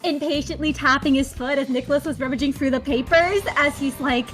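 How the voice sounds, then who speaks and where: A woman playing a tabletop game who describes her moves briskly. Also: high-pitched, steady tone, a bit bright, soft background music. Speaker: player. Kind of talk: casual tabletop play.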